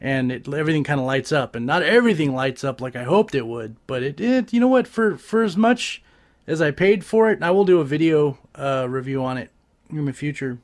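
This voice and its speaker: A man's voice: a little high, fairly quick. A man hosting a casual nerd podcast, ranting about a movie with lots of swearing and exaggeration. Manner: profane, animated, exaggerated. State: briefly out of breath. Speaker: podcast host.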